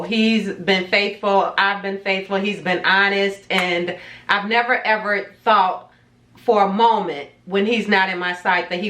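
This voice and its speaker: This woman's voice is mid-range and fairly bright, heard with reverb. She's a vlogger giving a chatty, dramatic retelling of her own story to viewers, acting out what was said.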